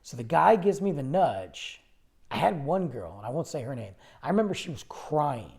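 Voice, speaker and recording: A man hosting a podcast, telling a personal story in a rambling, animated way, often cutting himself off mid-sentence. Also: fairly high pitch, normal speed, gravelly. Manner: rambling, animated, self-interrupting. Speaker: podcast host. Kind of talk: casual storytelling monologue.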